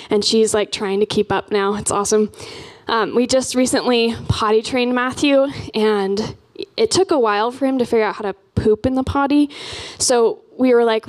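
A woman's voice: on the high side, a little mellow. A young woman, a campus missionary, giving a casual church talk in a chatty way with many filler words.

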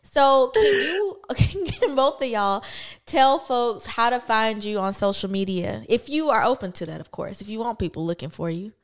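A woman's voice: a little high, lively intonation. A woman co-hosting a podcast in casual chat, laughing along and chiming in. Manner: quick affirmations, laughs along. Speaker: podcast co-host.

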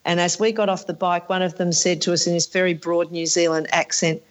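A woman's voice: on the low side, little pitch movement, brisk. A woman organizing a motorcycle event, chatting enthusiastically on a panel and telling stories. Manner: enthusiastic, storytelling. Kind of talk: casual panel chat.

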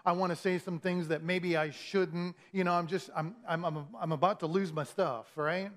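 A man's voice: high-pitched, fairly even intonation, normal speed. A man preaching through a funny personal story, acting out his own frustration in a self-mocking way. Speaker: pastor. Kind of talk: storytelling sermon.

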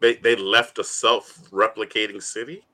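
A man's voice: fairly low pitch, little pitch movement, normal speed, bright, forceful tone. A man hosting a casual comic book chat, teasing his co-hosts and laughing often. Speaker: host.

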